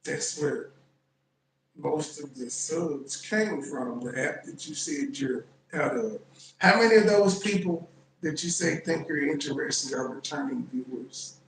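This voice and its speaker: Male commentary host, high voice, mocking and blunt, echoey room. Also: a little slow, gravelly, fairly bright tone, slight background noise. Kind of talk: reaction commentary.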